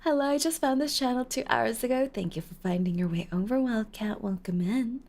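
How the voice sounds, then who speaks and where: A woman with a high-ish, slightly mellow voice talks a little fast as she streams a game, playfully teasing viewers and giggling while reading their comments out loud.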